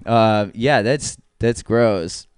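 A man on a podcast, telling a story in a rambling, animated way with many fillers. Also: lowish voice, very slow, smooth, dry recording. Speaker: podcast co-host. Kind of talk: casual chat.

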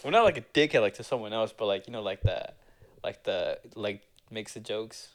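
A man's voice: fairly low pitch, lively intonation, normal speed. A man co-hosting a podcast in casual chat, rambling with lots of filler and teasing his friend. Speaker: podcast co-host.

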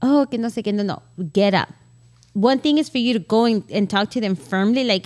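A woman's voice: medium pitch, fairly quick, a little mellow, no room sound, clean studio sound. Casting: middle-aged woman, blunt podcast co-host, tells stories through quoted asides. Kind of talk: casual chat.

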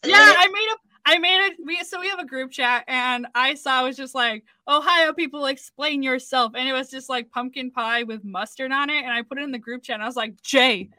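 A woman from Wisconsin co-hosting a radio show, chatting and joking quickly with frequent laughs. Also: high voice, bright, forceful tone, no echo. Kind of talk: casual chat.

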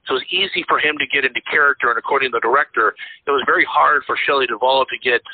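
A man's voice: medium pitch, rapid-fire, slightly rough, dry recording. A man co-hosting a casual movie podcast, retelling film anecdotes and acting out the quotes. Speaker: podcast co-host. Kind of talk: casual chat. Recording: dry, tinny phone-like sound.

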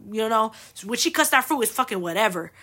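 A young woman from the United States tells family stories in her own show. Her voice sits a little high and sounds bright and forceful. She chats loosely, swears freely and fills gaps with "like" and "um". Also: lively intonation, fast talker. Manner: chatty, swears freely, lots of fillers. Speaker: host. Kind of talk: casual storytelling monologue.

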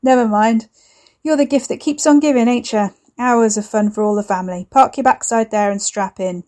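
A woman voicing a stout, jovial middle-aged male crime boss, loud and crude. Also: on the high side, moderate pace, natural voice.

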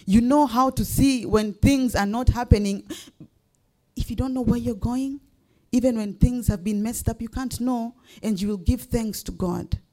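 A woman's voice: a little high, normal speed, darkish tone. A woman pastor preaching a sermon, building up to emphatic rising questions.

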